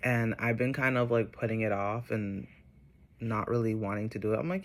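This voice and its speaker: A man vlogging casually, telling a personal spiritual story in a chatty, rambling way with many fillers, turning soft and reflective. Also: on the low side, normal speed.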